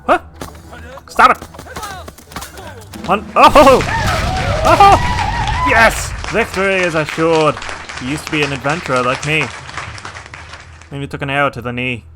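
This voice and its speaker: A man commenting casually on a strategy game he is playing, mostly reserved and dry, with sudden excited shouts during battles. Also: a little high. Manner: dry, self-described reserved, bursts into excited yelling at battles; talks to his game units by name. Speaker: gameplay commentator.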